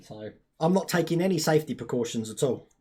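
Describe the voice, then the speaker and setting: A husky man in his younger years chats loosely on a live stream, breaking into laughs and reading viewers' comments aloud. His talk rambles with a relaxed, homely feel. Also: on the high side, fast talker. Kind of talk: casual live-stream chat.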